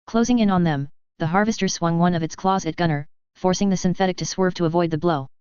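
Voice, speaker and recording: Smooth low-voiced woman reading a story. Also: quick pace, a little mellow, no room sound. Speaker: fanfiction reader. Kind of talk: scripted narration of a story. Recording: dull, muffled dry recording.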